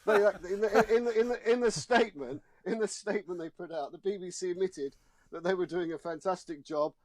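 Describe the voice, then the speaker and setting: Repeating words as he goes, a man who is a showbiz journalist guest makes his argument emphatically and indignantly in a studio discussion. His voice sits high and brisk, and the recording is dry.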